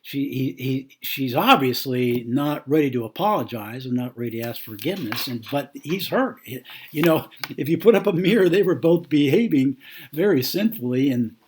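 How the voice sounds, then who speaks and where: A man's voice: medium pitch, expressive, normal speed, a little hiss or hum. A man giving an earnest teaching talk on marriage, acting out a couple's quarrel and often repeating words as he goes. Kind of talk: teaching talk with acted-out scenario.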